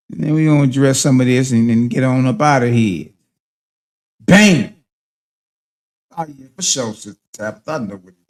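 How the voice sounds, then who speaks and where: A man's voice: mid-range voice, a little mellow. A man hosting a casual reading and commentary on a religious book, talking in emphatic street slang and checking in with listeners with a rhetorical "huh?". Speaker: host.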